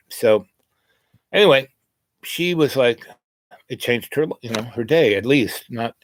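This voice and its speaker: A man's voice: medium pitch, lively intonation, slow, slight background noise. A man telling a meandering personal story in a casual vlog, full of "you know" asides. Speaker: spiritual vlogger.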